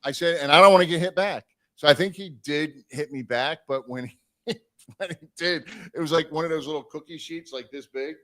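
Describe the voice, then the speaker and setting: A man casually telling a long road story on a live stream, animated and swearing, acting out the people he quotes. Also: fairly high pitch, normal speed.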